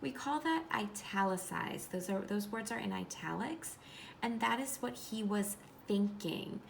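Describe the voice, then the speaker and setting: A woman teacher giving a classroom read-aloud of a storybook, reading in a clear, instructive way and pausing to explain. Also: mid-range voice, animated, slight background noise.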